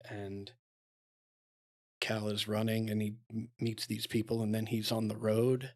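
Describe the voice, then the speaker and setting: Slow, low-voiced male player. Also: little pitch movement. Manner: slow, halting, many fillers. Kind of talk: recounting his character's story.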